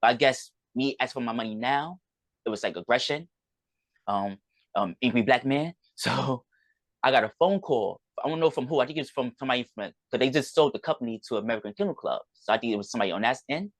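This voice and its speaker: A man's voice: medium pitch, quick pace, dry recording. A man, a podcast guest, tells a personal story in rambling conversation, often acting out what others said. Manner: rambling, recounts events with quoted dialogue.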